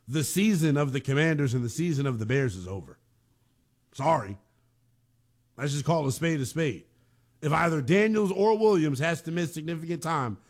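A man hosting a sports talk show, giving emphatic, opinionated commentary while sounding emotionally shaken. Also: fairly high pitch. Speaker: sports radio host.

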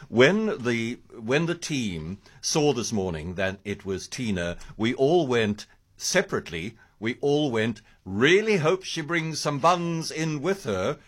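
Chatty radio host, husky. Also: male voice, on the low side. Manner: chatty, laughing, enthusiastic about food. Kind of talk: radio talk show chat. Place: radio studio.

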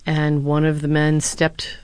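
Female former speechwriter and lecturer, low-pitched, earnest storyteller, dry studio sound. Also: completely flat delivery, unhurried, darkish tone, smooth, dry recording. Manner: earnest, anecdotal, with some fillers. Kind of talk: interview answers, storytelling.

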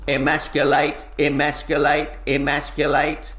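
A man performs comic spoken-word poetry in a slow, rhythmic, deadpan voice that sits a little high. He leans on chanted repetitions. The room gives his voice a roomy echo. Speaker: performance poet.

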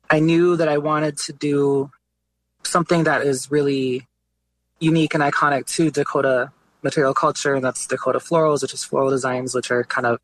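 A young man, an artist, telling his story casually in an interview, with lots of "like" and "you know". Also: mid-range voice. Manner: relaxed, conversational, many fillers like "like" and "you know". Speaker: guest artist.

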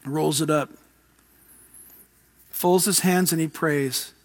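A man's voice: on the high side, fairly even intonation, slow pace, long reverb tail. A man preaching a sermon, telling stories and rising to emphatic exhortation.

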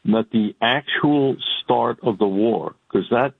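A man calling into a radio show, talking emphatically and haltingly with many restarts. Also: mid-range voice, gravelly, breathy edge, no echo. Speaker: caller or guest. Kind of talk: casual radio talk. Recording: tinny phone line.

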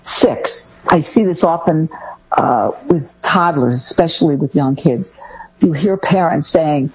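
A woman co-hosting a talk show, giving casual parenting advice in a lively way, acting out what parents say to their kids. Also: measured pace, husky, rough recording. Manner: lively, acts out parent phrases in a higher voice. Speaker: parenting podcast co-host.

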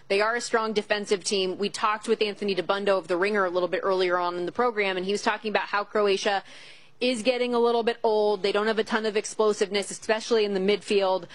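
A woman's voice: medium pitch, steady tone, brisk. A woman co-hosting a sports betting show from a studio, talking in a playful, self-mocking way. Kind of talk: casual betting show banter. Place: broadcast studio.

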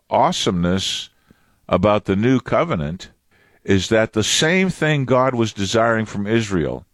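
A man's voice: fairly low pitch, dry recording. A man preaching a sermon in a conversational way, firing off rhetorical questions and often restarting his sentences.

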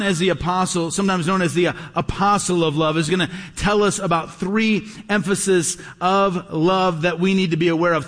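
High-voiced pastor preaching in a hall. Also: male voice, fairly bright tone. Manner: emphatic preaching with repetition and rhetorical questions. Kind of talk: sermon. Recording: live sermon with long hall reverb.

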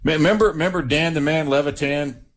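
A man hosting a call-in sports radio show, animated and quick to joke with his callers. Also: fairly high pitch.

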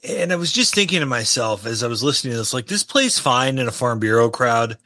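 A man's voice: mid-range voice, expressive, a little fast, pushed and bright, no room sound. A man hosting a political interview, musing conversationally about his home state's races. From Illinois.

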